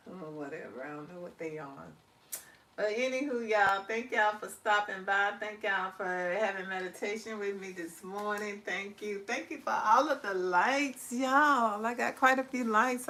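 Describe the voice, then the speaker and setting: Woman, live-stream host, slow drawl, laughs often, slightly distant mic. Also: mid-range voice. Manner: chatty, laughs often, drawls words slowly; warm encouraging sign-off with spiritual talk. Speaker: livestream host. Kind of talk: casual live-stream chat reading comments.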